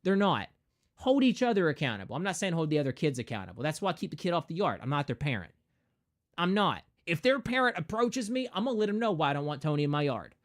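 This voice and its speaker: A male streamer holds forth in a casual, preachy rant with a lively pitch that swings up and down. He talks emphatically and slips into quick mocking voices to make his point.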